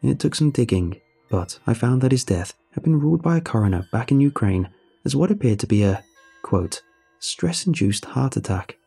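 A man narrating a horror story in a measured, grave storytelling manner. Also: mid-range voice, animated, vocal fry, warm tone, husky, soft background music.

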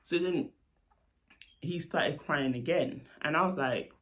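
A man, a nurse, telling a story in a casual, animated vlog. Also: on the high side, takes it slowly, long pauses. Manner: animated, lively retelling with asides. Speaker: storytelling vlogger.

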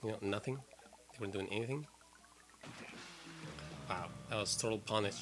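A man giving excitable, swearing let's play commentary while he plays. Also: fairly low pitch, moderate pace. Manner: excitable, swearing, trash-talking. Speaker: gamer. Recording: game music clearly behind voice. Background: game music.

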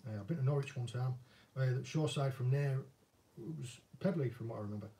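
Man, northern English accent, mellow tone, rambling casual chat, a bit distant from the mic. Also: medium pitch, quick pace. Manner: chatty, self-deprecating, rambling. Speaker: angling vlogger and former commercial fisherman.

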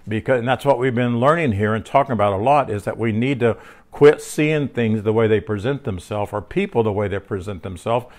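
A fairly quick, low-leaning male voice carries a chatty Bible lesson. The speaker rambles with many restarts and filler words, drifts into personal tales, and keeps asking tag questions to check in with his listener.

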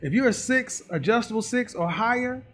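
Very high-pitched and a bit bright, this man's expressive voice moves at normal speed as he lectures about dating. He preaches emphatically and imitates the voices of the people he quotes.

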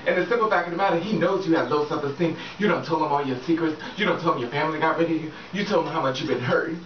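Her low-pitched voice races along as she offers relationship advice to viewers, laughing often and swearing without restraint. The casual vlog is recorded in an echoey space on a dull, distant mic, with faint background noise.

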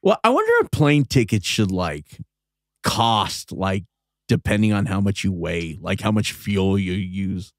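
A man's voice: low-pitched, a little slow, no echo, studio quality. A man co-hosting a casual comedy podcast, teasing his friends and reading out headlines. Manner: teasing, animated, reads out headlines. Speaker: podcast co-host.

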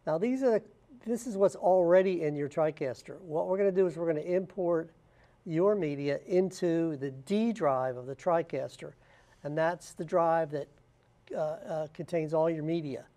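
A man walking through software steps one at a time in a plain, unscripted way, with frequent "uh" fillers. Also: a little high, moderate pace. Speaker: software tutorial instructor. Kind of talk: screen-recorded software walkthrough.

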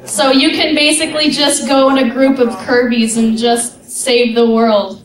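A woman's voice: on the high side, fairly even intonation, unhurried. A woman contestant on a convention panel, giggly and chatty as she argues her pick. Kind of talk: giggly fan argument. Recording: echoey hall, distant mic, crowd.

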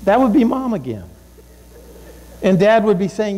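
In a church sanctuary with long hall reverb, a middle-aged man preaches a sermon at a measured pace. His high voice has a sing-song lilt and a darkish tone, and he keeps things conversational, repeating himself and performing other people's words.

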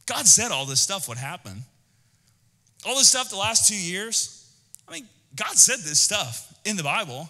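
A high-voiced male pastor preaches an energetic, conversational sermon, addressing the congregation directly and tossing in quick asides. The sound carries the feel of a big room.

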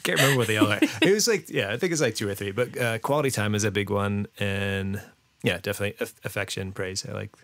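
Low gravelly guy rambling on a podcast, lots of um and like, laughs a lot. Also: fast talker, a bit bright, no echo. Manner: rambling, hesitant, many fillers and restarts, laughs often. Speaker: podcast guest. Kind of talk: casual interview chat.

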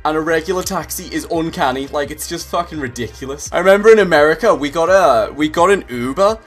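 Young male vlogger, fast and exasperated, swears freely, comic rant energy. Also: on the high side, soft background music. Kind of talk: comedic rant to camera.

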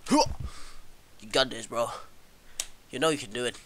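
Young male let's-player, brash and sweary, with a bright tone and a slow, drawn-out pace. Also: mid-range voice, no echo. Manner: excitable, swearing, yelling at the game. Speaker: gameplay commentator. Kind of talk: casual let's-play commentary.

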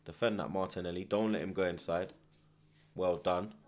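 A man hosting a live football watchalong, reacting loudly to the match with slang and swearing, shouting instructions at the players. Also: low voice, moderate pace. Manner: excitable, shouts at the screen, heavy slang and swearing.

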